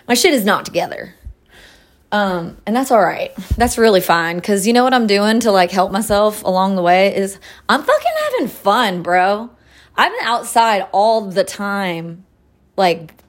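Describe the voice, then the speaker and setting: A woman in her late twenties hosting a solo podcast, talking loosely and profanely with lots of fillers, relaxed as she sips tea between thoughts. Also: medium pitch. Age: late 20s. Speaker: podcast host. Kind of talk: casual solo chat.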